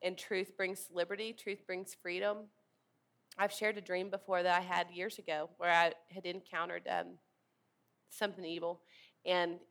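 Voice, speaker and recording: A woman's voice: lowish voice, a bit bright. A woman preaching a sermon in an earnest, emphatic way, leading her listeners to repeat words back to her. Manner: earnest, emphatic, leads the congregation in call-and-response.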